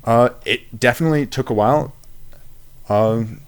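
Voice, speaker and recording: A man voice actor explaining things in a measured, thoughtful way during a casual interview. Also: medium pitch, clean tone. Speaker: voice actor guest.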